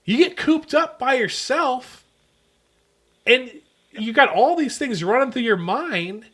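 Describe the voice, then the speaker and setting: A man hosting a podcast in casual chat over a phone call, talkative and quick with laughs and sarcastic asides. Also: very high-pitched, lively intonation, a bit bright. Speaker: podcast host. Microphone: podcast mic on a phone-call episode.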